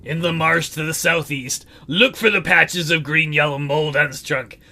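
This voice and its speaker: A man reading the lines of a calm, distant young woman priestess in a slow, measured way. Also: fairly high pitch.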